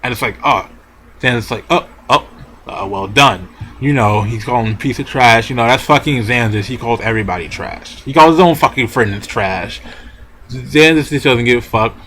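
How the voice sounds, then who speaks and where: Excited, profane young man reviewing manga. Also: mid-range voice, moderate pace, slight background noise. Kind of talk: casual video review.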